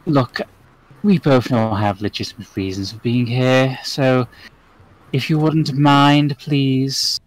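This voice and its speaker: A man's voice: mid-range voice, fairly even intonation, slow, natural voice, rough recording. A man doing a smug, suave archdevil. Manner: polite, dry and smug.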